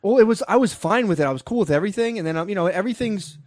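A man's voice: high voice, lively intonation, very fast, dry recording, studio quality. A young man in casual podcast banter, crude and hyped, peppering his talk with "dude". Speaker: podcast co-host.

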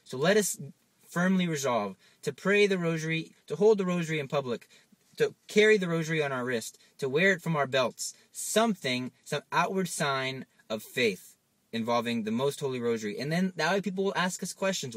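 A man's voice: fairly high pitch, expressive, moderate pace, fairly bright tone, dry recording. A man preaching an informal sermon, urging his listeners with urgent exhortation and little acted-out dialogues. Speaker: Catholic preacher.

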